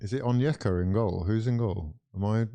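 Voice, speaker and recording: Low, mellow-voiced excitable young man. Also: fairly quick. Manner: excitable, exclaiming, chatting to viewers. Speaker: watch-along streamer. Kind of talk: live football watch-along commentary.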